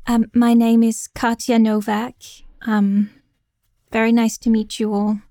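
A meek young woman, played by a woman speaks hesitantly and timidly, filling pauses with small ums. Her voice comes across close and dry in a tabletop game. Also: a little high, level tone, dark tone, no echo.

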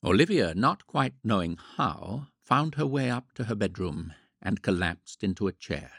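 A man narrating a classic story in a measured, wry tone, his low voice gravelly and a little husky. His pitch moves with lively expression, and the recording is dry and close. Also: no echo. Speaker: audiobook narrator. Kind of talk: scripted narration.

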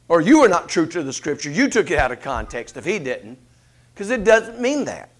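High-voiced man preaching a sermon. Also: moderate pace. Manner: animated preaching, rhetorical questions, voices shifting up and down.

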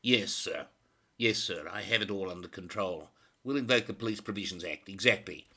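A man's voice: deep voice, moderate pace, sharp tone, husky, full character voice. A man voicing a blustering, bossy police chief who barks orders and swears crudely.

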